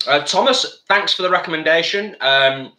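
A man's voice: fairly high pitch, moderate pace, pushed and bright, roomy sound. A man co-hosting a live vegan cooking stream, chatting casually from a home kitchen and reading out viewer comments.

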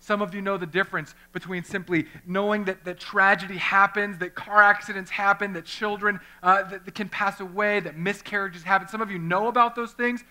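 A young male pastor preaches in an animated, conversational way, often slipping into the voices of people he quotes. His voice sits fairly high and rings very bright and forceful. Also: fairly quick, hardly any pauses. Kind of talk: sermon. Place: church chapel.

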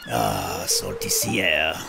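A man's voice: a bass voice, very animated, slow, vocal fry, over music, voice pushed down, exaggerated voice. A man voicing a weathered old male fisherman, talking in a folksy sailor's manner. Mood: folksy, hearty. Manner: salty sailor talk with a folksy drawl.

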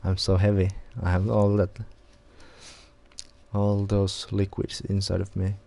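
Over the roar of a racing game's engines and car sounds, a man casually comments on his livestream with dry self-mockery and plenty of swearing. His low, gravelly voice is monotone and unhurried.

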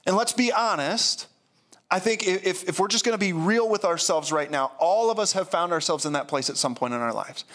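A pastor preaching a sermon in an earnest, candid way, often repeating and restarting phrases. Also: male voice, a little high, a bit bright.

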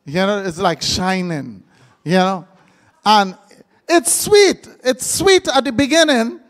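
A man's voice: high-pitched, expressive, slow, fairly bright tone. A man preaching a live sermon, joking and quizzing his congregation. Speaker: pastor.

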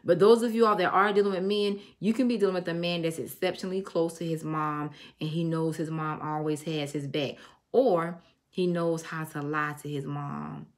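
A woman's voice: sits low, fairly even intonation, normal speed. A middle-aged woman giving a casual tarot reading, blunt and emphatic, telling stories and swearing freely. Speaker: tarot reader.

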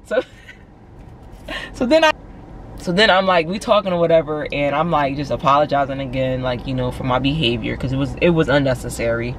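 A young woman from Philadelphia with a Philly accent, telling a story in a casual, animated vlog from her car and saying "like" a lot. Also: sits low, normal speed, a little hiss or hum. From Philadelphia, USA. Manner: animated, chatty, heavy use of "like". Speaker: vlogger.

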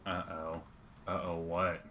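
A man's voice: deep voice, flat delivery, slow pace, sharp tone, slight background noise. A man joking and swearing while playing a video game with his mother. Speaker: let's play host. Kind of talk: casual gameplay chat.

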